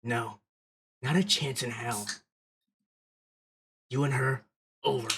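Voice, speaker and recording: A man's voice: medium pitch, slow pace, noisy background, pitched below the performer's own voice. A man voicing a hostile, aggressive young man who threatens and sneers. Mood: threatening. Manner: threatening, contemptuous.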